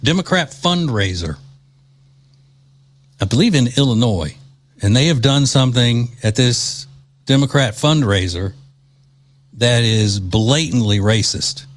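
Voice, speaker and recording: Indignant man from Louisiana hosting talk. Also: medium pitch. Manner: mocking, indignant, drawling delivery. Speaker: talk show host. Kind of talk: political commentary.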